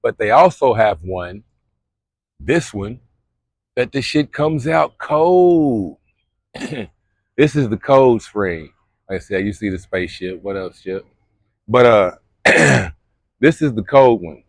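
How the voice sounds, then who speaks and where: A man's voice: fairly low pitch, lively intonation, slow, gravelly, pauses often, no echo. A young man from Kentucky, vlogging outdoors at a spring on a phone camera, talking in a loose, slangy, rambling way. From Louisville, Kentucky. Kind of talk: casual vlog chat.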